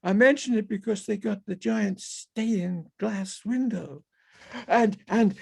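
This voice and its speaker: Slow, gravelly high-voiced man reading. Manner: halting, musing, talks to animals and people in the scene. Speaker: author reading his fiction. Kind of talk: performed first-person character monologue. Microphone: video call.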